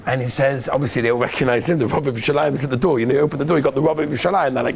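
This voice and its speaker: A man, a rabbi in a yeshiva, telling a story in an animated way and mixing Hebrew and Yiddish words into his talk. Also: medium pitch, very fast, vocal fry, hardly any pauses, breathy edge. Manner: animated storyteller, acts out the voices in his tale. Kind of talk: casual Torah talk with a story.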